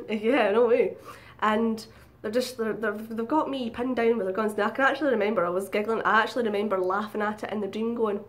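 A woman's voice: a little high, steady tone, brisk, few pauses. Chatty woman, swearing freely. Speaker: vlogger. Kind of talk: casual storytelling.

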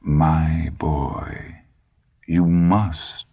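A man voicing a cold, menacing ex-Nazi in his eighties, speaking in a calm, measured, quietly threatening way. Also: a bass voice, no room sound, dull audio, full character voice. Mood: gently menacing. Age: 80s.

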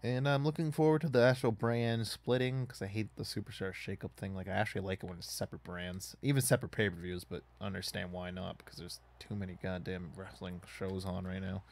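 A man's voice: low-pitched, steady tone, fairly quick, gravelly, hardly any pauses. A man casually commenting on a wrestling video game as he plays, rambling and swearing in frustration at it. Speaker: gaming YouTuber.

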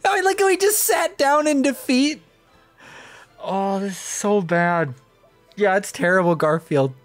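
A woman giving casual gameplay commentary as a video game presenter, reacting aloud in an excitable way and laughing often. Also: mid-range voice, a little slow, no echo, soft background music.

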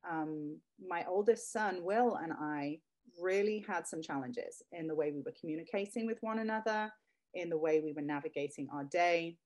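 A woman in her thirties, a product creator appearing as a guest, speaks with heartfelt emotion about her children and comes close to tears at times in this interview. Her voice is fairly low and darkish, at a moderate pace.

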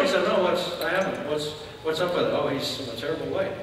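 A high-voiced man preaches a sermon with a bright, forceful edge, telling a story and shouting out the lines of its people. He sounds distant from the mic, his voice ringing through a large reverberant church hall with faint room noise underneath. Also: racing. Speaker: church elder. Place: church sanctuary. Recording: echoey hall from far off.

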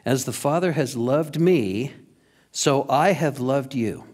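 A male pastor preaching a sermon, reading scripture slowly and with emphasis, then breaking into lively asides to the congregation. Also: mid-range voice.

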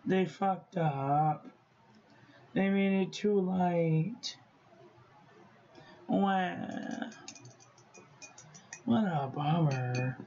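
A man vlogging about stationery, talking to himself in an expressive, profane way as he tests inks. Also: high-pitched, muffled recording. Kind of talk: casual unboxing vlog.

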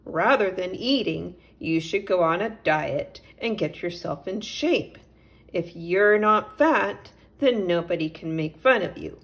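A woman's voice: on the low side, animated, measured pace. A woman voicing a small, clever male mole who argues indignantly and talks the cat round, in a storybook reading. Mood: persuasive. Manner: indignant, persuasive.

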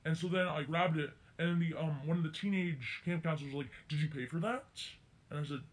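A man's voice: a little high, fairly even intonation, fast. A teenage boy telling a rambling, self-correcting story in a casual story-time vlog. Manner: rambling, circling back and correcting himself. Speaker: vlogger.

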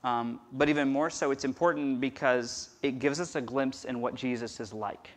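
Male pastor, mid-pitched, conversational sermon delivery, wide loud-to-quiet swings. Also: steady tone, normal speed. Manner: conversational, swings from loud emphasis to near-whisper. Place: church.

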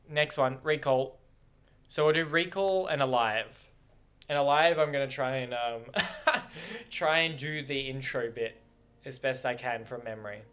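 Laughing often, a young man with a mid-range voice rambles excitedly through casual reactions to video game cutscenes.

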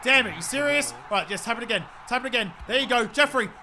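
A young man commentating his own football video game, frustrated and profane, yelling at his teammates. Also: extremely high pitch, lively intonation, quick pace, a little hiss or hum. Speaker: gaming commentator. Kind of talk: swearing live gameplay commentary.

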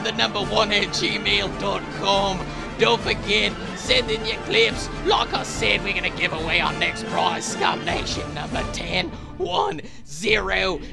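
A man hosting a gameplay clip countdown over a headset mic, giving hyped commentary and shouting at each kill. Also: high voice, vocal fry. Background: music.

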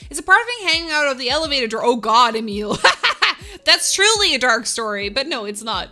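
A woman's voice: high-pitched, very animated, fairly quick, bright, forceful tone, soft background music. A woman streamer chatting casually with her live viewers, upbeat, laughing often and answering them by name.

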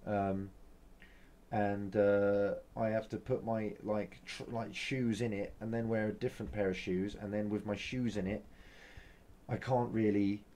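Grumbling man, low mellow voice. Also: flat delivery, a little slow. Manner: rambling, grumbling, frequent fillers and restarts, mild swearing. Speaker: vlogger. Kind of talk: casual vlog monologue.

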